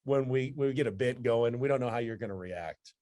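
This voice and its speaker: A man who hosts sports radio, telling a story energetically as a podcast guest. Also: a little fast. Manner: energetic storyteller, jumps up in pitch for emphasis. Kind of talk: casual conversation, storytelling.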